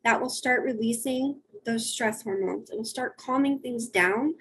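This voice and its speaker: A woman's voice: on the high side, measured pace, fairly bright tone, a little hiss or hum, poor audio. A middle-aged woman, a wellness coach, giving a friendly, conversational webinar presentation and listing practical tips.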